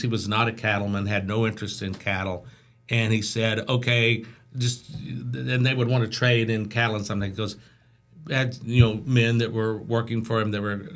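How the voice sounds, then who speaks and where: A man guest on a podcast, telling stories in a chatty, animated way and acting out the voices of the people in them. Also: on the low side. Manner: chatty, animated storyteller who acts out voices in anecdotes. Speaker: interview guest. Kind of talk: casual storytelling.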